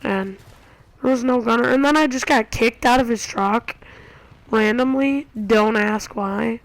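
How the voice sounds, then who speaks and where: A woman giving casual gameplay commentary, excitable and acting out her own reactions. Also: on the high side, measured pace, no echo, poor audio. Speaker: gamer. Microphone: console share recording.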